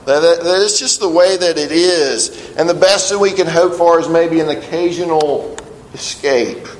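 A man's voice: a little high, normal speed, roomy sound, big-room sound, a little hiss or hum, rough recording. A man preaching a sermon in an earnest way, often repeating key phrases for weight. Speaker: pastor.

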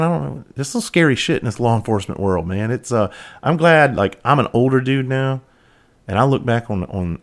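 A middle-aged man hosting a podcast, telling rambling, profane stories about his years in police and fire work in a casual monologue. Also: fairly low pitch. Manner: profane, rambling and animated, with frequent restarts. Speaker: podcast host, former police officer and firefighter.

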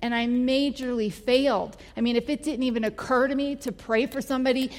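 A woman's voice: high-pitched, steady tone, brisk, darkish tone. A woman giving a personal testimony, telling her story in a candid, emotional way. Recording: long hall reverb.

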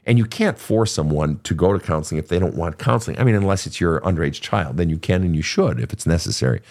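A man's voice: deep voice, expressive, fast, a little mellow. A man from Minnesota hosting an advice podcast, answering listener questions in a blunt, profane, casual way.

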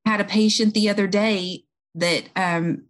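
A woman's voice: medium pitch, steady tone, moderate pace. A woman who works in home health, earnestly explaining a patient story in a conversation, with fillers and restarts along the way.

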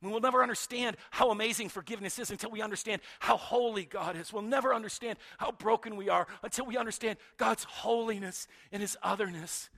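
Male pastor, high voice, dramatic sermon delivery with loud and hushed turns. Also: quick pace, hardly any pauses. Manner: dramatic swings from loud to hushed, repeats words.

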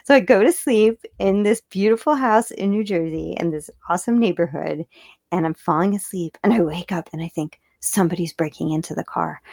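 A woman tells a personal story straight to the camera in a quick, casual rush, breaking into laughter now and then. Her voice sits low and carries a gravelly fry. The sound is close and dry, with no room echo. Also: a little mellow. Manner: fast-talking, chatty, laughs often. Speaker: video creator.

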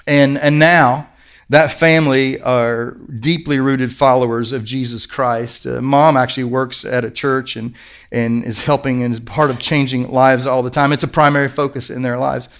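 A man's voice: medium pitch, fairly even intonation, normal speed, fairly bright tone. A middle-aged male pastor preaching a sermon in an earnest, conversational storytelling manner.

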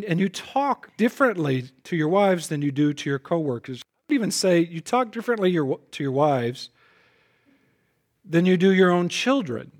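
Emphatic preacher man with a higher voice. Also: very animated, moderate pace. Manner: emphatic, repeats words when starting a phrase; swings between loud punches and soft lowered asides. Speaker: pastor. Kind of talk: sermon.

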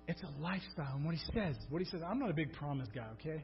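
A man preaching a sermon to his congregation, animated, often repeating words and asking "right?", and acting out urgent, crying-out prayers. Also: on the high side, very fast, vocal fry, few pauses, long reverb tail, highs cut off, soft background music. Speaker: pastor. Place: church sanctuary.

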